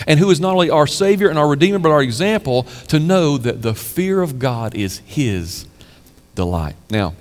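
A male pastor preaches in a church, his fairly high voice rising to forceful peaks and dropping low on key words. Rhetorical questions keep the congregation engaged. A long reverb of the large hall trails each phrase. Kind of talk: sermon.

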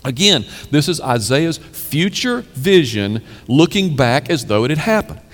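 Preaching pastor in a reverberant hall. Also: male voice, on the high side, sing-song, unhurried. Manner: preaching with swells of emphasis and rhetorical questions. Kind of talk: sermon.

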